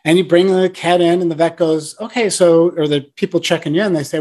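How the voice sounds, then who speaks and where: A man's voice: a little high, fairly even intonation, fairly quick, hardly any pauses, a little mellow. Man telling a story in an interview. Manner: storytelling, acts out quoted dialogue. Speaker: founder of a pet rescue platform, guest. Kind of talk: casual interview chat.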